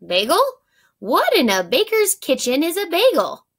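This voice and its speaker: A woman voicing a kind woman baker in a storybook, speaking politely and gently. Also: a little high, animated, unhurried, gravelly, exaggerated voice. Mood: puzzled.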